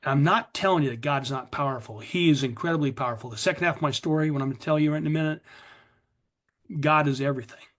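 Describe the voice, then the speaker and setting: A middle-aged man from the USA shares his recovery story with a pitch a bit above average. He is earnest and confessional and acts out his old self's words. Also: quick pace, a bit bright. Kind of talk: personal testimony at a recovery meeting.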